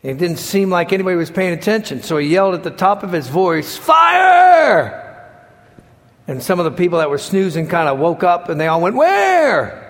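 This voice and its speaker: A man preaching a sermon, telling stories with lively acted-out quotes and sudden shouts. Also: a little high, fast talker, hardly any pauses. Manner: animated storytelling, acts out quotes and shouts. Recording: long hall reverb.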